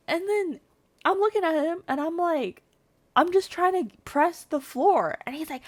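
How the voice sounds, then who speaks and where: Young woman vlogger, lively storytelling, close dry sound. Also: extremely high pitch, moderate pace, dry recording. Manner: animated, swears freely, acts out quotes. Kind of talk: casual storytelling.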